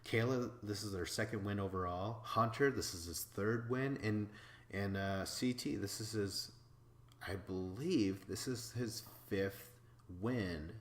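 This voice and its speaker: A man from Wisconsin hosting a podcast, recapping episodes in a casual, excitable way, swearing freely and laughing as he talks. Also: fairly low pitch, a little slow, echoey room. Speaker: podcast host.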